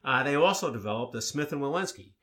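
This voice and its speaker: A man co-hosting a casual talk show, telling stories in a relaxed way with many fillers. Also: medium pitch, quick pace. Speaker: co-host. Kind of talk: casual conversational chat.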